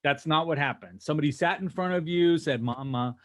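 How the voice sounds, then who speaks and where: A man's voice: fairly high pitch, a little fast. Upbeat male sales trainer on video call. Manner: energetic, rhetorical, keeps asking "right?" and "okay?". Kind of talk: animated teaching on a video call.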